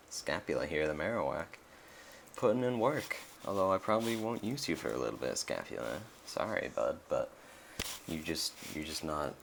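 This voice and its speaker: Brief: young male let's-player, very deep, gravelly fry, rambling casual commentary, faint hiss behind. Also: a bit bright. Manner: rambling, many fillers and restarts.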